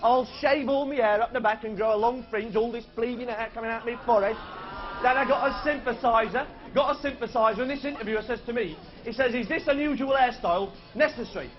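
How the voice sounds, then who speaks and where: A man's voice: very high voice, quick pace. A man playing Wally, a brash wannabe pop star. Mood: boastful. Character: hopeless boastful young male wannabe pop star. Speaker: comedy performer. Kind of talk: comic character monologue. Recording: dull 1980s TV sound.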